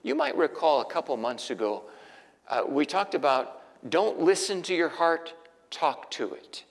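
A man preaches a Sunday sermon in a church. His voice sits a little higher than most men's and rings out in a long, echoing hall reverb. He shifts from soft, hushed, almost whispered prayer to loud, emphatic exhortation. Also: sing-song, a little slow, gravelly. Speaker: pastor. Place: church sanctuary.

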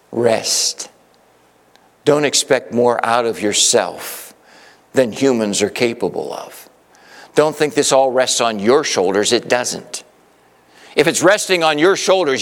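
A man preaching a sermon emphatically, swinging from urgent exhortation to gentle reassurance. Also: mid-range voice, expressive, slow, long pauses, long reverb tail. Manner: emphatic, shifting between urgent and soothing. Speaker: pastor.

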